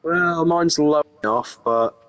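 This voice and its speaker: A man's voice: fairly high pitch, slow, fairly bright tone, no room sound, poor audio. A man co-playing a farming game on a stream, laid-back and answering in short agreeing replies. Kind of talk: casual gameplay chat.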